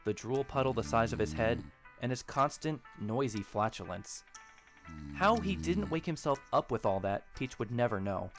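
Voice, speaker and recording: A man narrating a story in a steady, even storytelling manner. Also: medium pitch. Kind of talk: audiobook narration of a fan story.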